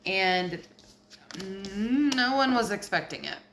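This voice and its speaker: A woman's voice: medium pitch, animated, slow pace, fairly bright tone, a little hiss or hum. A woman giving a casual tarot reading, blunt and profane, getting heated as she goes. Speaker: tarot reader.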